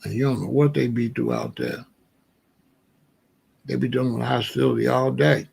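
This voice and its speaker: A middle-aged man hosting a commentary show, telling a street story in a casual, animated way. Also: mid-range voice, normal speed, gravelly, husky. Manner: animated storyteller, breaks into quoted dialogue.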